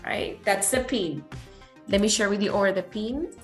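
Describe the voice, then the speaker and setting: Casting: woman teacher, encouraging and quick with praise, mid-range voice, runs an online class. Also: medium pitch, faint music behind. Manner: encouraging, praises often, switches to Spanish. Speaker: English teacher.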